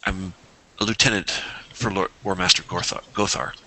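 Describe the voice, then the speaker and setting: Guy doing a gruff grim soldier lieutenant, deep and sharp, real curt. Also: fairly even intonation, moderate pace, heavily acted, low-quality recording. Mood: stern. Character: stern gruff soldierly middle-aged male lieutenant.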